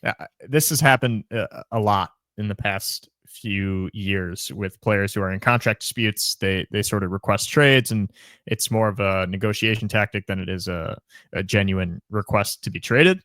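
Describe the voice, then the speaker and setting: Young man, podcast co-host, low voice, casual chat, frequent restarts, dry close sound. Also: steady tone, normal speed, a bit bright, dry recording. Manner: chatty, trailing restarts and repeated words.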